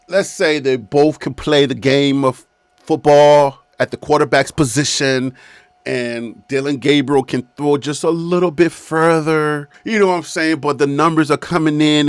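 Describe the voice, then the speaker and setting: High-voiced man in his fifties, emphatic. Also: fairly bright tone, no room sound. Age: 50s. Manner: emphatic, repetitive, talks straight to the team. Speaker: sports video host. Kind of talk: casual sports commentary to camera. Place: his own studio, seated.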